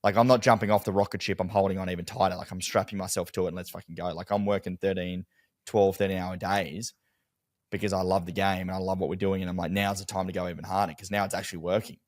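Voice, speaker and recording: A man talking in a casual chat, telling stories in an animated way and swearing freely. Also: deep voice, quick pace, dry recording, studio quality. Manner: animated storytelling, heavy swearing.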